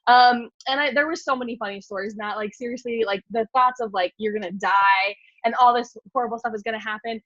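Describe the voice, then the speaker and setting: A fast-talking woman with a high voice tells a story to a group in a loose, animated way, packed with fillers. The sound is dry and a bit dull and lo-fi. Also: dry recording. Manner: animated, filler-heavy, lots of "like". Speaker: speaker at a mindset meeting.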